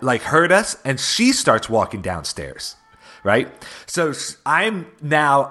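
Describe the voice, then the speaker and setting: A man, a father and co-host, telling a funny story in casual chat, animated and laughing as he goes. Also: medium pitch.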